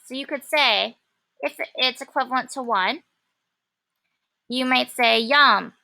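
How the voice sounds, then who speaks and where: Bright-voiced woman teaching code. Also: high-pitched, slow, creaky. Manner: casual, many ums, thinking aloud while typing. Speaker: programming teacher. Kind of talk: classroom coding lesson.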